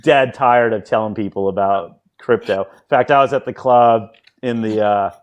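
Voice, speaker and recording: A man's voice: lowish voice, normal speed, dull audio. A man hosting a podcast, chatting casually in rambling anecdotes with frequent restarts. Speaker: podcast host. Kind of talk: casual chat.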